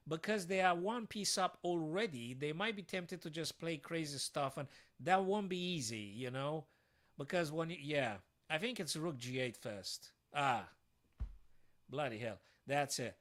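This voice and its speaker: Excitable man thinking aloud over chess. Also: on the high side. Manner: thinks aloud, talking to his viewers; excitable, with sudden frustrated outbursts. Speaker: chess streamer. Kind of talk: live-streamed chess puzzle commentary.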